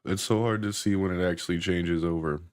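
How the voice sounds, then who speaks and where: A man casually chatting on a live stream while reviewing a grinder, loose and rambling, sounding high and a little out of breath. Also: steady tone, a little fast. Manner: laid-back, rambling, loose.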